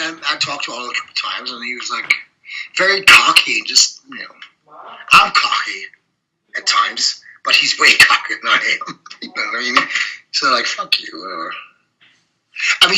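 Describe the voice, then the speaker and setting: A man's voice: medium pitch, slight background noise, low-quality recording. A middle-aged man from Germany, a bodybuilder guest telling blunt, profane stories in a casual interview. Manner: blunt, profane, animated anecdotes with frequent laughs.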